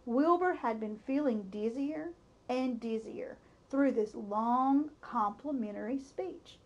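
A woman reading a children's chapter book aloud in a high, bright voice. She takes her time, letting each sentence land with expressive, unhurried storytelling. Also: lo-fi sound. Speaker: storybook reader.

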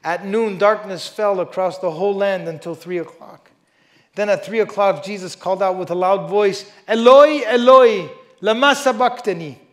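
A man with a high voice preaches a sermon to a church congregation. He reads scripture with strong emphasis and drops to hushed asides. Between readings he talks casually and often says "you know". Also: fairly even intonation, moderate pace. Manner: emphatic, swings between loud stresses and quiet asides. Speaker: pastor. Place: church service before a congregation.

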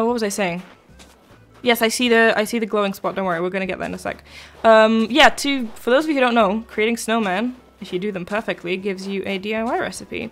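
A woman's voice: mid-range voice, gravelly. A young woman chatting casually while live-streaming a video game, rambling between thoughts and answering her chat.

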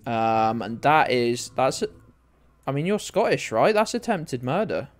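A man's voice: mid-range voice, sing-song, measured pace. A man streaming a geography game, chatting in a rambling way with his viewers and swearing freely. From United Kingdom. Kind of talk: casual game streaming chat. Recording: faint music underneath.

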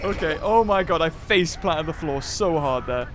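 A woman hosting a let's play, excitable, muttering low then bursting into loud outbursts. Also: normal speed, noisy background. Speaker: gaming channel host. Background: game music.

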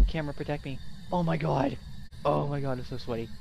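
A man's voice: fairly high pitch, brisk, gravelly, muffled recording, background noise. A man playing a horror game who shrieks, swears and laughs nervously while scared and sweaty. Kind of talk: casual gaming chat.

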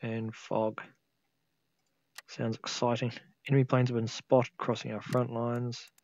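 A man's voice: medium pitch, flat delivery, a little slow, creaky, a little mellow, highs cut off. A tired man casually commentating a flight sim game he is playing, thinking aloud and humming to himself. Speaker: gameplay video host.

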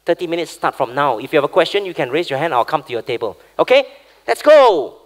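A man with a high, upbeat voice runs a live coaching workshop. He keeps the room moving, checks in with "okay?" after nearly every point, and speaks with a lot of push and energy. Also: animated, very fast, a bit bright. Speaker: workshop facilitator.

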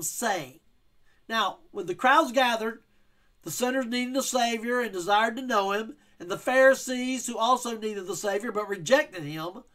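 A man's voice: sits high, fairly bright tone. A male pastor giving a verse-by-verse teaching sermon, explaining scripture and reading King James wording with emphasis.

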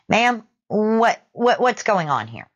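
A woman's voice: medium pitch, big pitch swings, breathy edge, muffled recording, pitched above the performer's own voice, heavily acted. A confused male store manager, played by a woman narrator, stepping in politely. He hesitates and stumbles over his words. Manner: hesitant, halting.

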